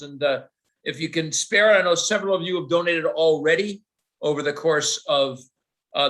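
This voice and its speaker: A man's voice: on the high side, pushed and bright. Chatty man hosting an online folk sing. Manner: chatty announcements with fillers, then full-voiced singing. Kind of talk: hosting and singing a sea shanty.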